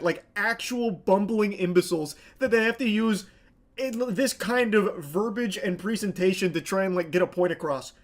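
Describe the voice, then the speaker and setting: A man hosting and commenting on a clip, ranting in a sardonic, profane way. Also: high-pitched. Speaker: host.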